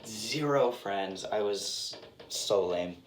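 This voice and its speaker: A man's voice: on the low side, very slow. Rambling young man in a roomy space. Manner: rambling, lots of "like" fillers, self-deprecating. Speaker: actor guest. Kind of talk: casual interview chat. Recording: roomy with faint background noise.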